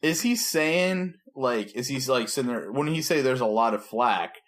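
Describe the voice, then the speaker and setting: A man's voice: mid-range voice, expressive, moderate pace, fairly bright tone. A man, a preacher co-hosting a podcast, chatting casually and teasing his friend with dry sarcastic jokes. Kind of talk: casual chat.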